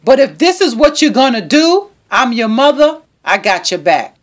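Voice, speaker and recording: A woman voicing a protective mother who lectures firmly in a lowered voice. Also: very animated, moderate pace.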